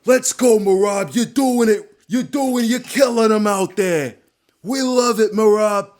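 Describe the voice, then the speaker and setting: A man putting on a loud, pumped-up fight coach with a New York accent, yelling encouragement. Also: sits high, measured pace, pitched above the performer's own voice. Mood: hyped yelling.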